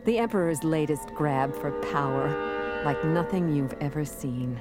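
A woman's voice: low voice, normal speed, loud music behind the voice, lightly acted. A woman reading the part of a guarded male informant in an audiobook. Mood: awed. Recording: noisy recording.

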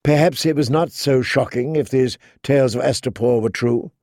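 A man narrating a fantasy novel as an audiobook, with measured, even storytelling. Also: mid-range voice, no echo, studio quality. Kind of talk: scripted narration.

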